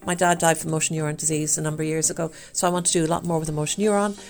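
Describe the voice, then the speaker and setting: Irish lady in her 50s chatting away, pretty low voice, upbeat and rambly. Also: steady tone, rapid-fire, soft background music. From Ireland. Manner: chatty and upbeat, full of fillers. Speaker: challenge participant. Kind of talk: casual chat.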